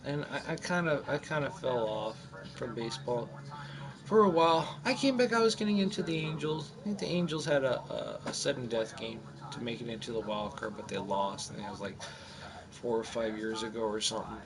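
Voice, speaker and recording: A man in his forties casually telling a rambling story over his gameplay, animated and full of restarts. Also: medium pitch, a little fast, a crowd in the background. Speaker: gamer narrating his gameplay.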